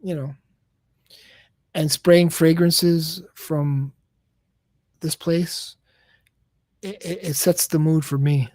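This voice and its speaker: A man's voice: fairly high pitch, fairly even intonation, takes it slowly, pauses often, a little mellow, no room sound, clean studio sound. A man chatting casually on a late-night live stream, rambling and exasperated, often stammering and repeating his words. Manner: exasperated, keeps saying "come on, man".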